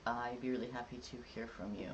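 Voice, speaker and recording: Casual rambly streamer, mid pitch, lots of ums and likes, faint room hum. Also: fairly even intonation, brisk, muffled recording. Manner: rambling and chatty, many "like"s and "um"s; casual and jokey. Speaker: livestreamer. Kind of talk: casual live-stream chat.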